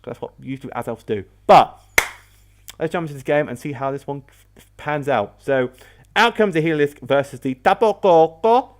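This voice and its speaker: A man's voice: fairly high pitch, animated, moderate pace, noisy background. A man hosting a casual battle commentary video, rambling and often correcting himself mid-sentence. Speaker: host.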